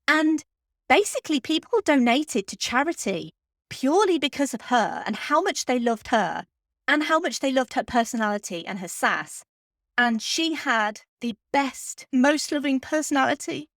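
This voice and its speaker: A woman hosting a film podcast, talking in an earnest, heartfelt way with pauses while close to tears. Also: high voice, very animated, fairly bright tone, no room sound. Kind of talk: heartfelt spoken podcast tribute.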